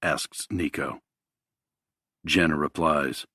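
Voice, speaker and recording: A man narrating a thriller audiobook in a measured, even storytelling manner. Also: low-pitched, husky, no room sound, studio quality.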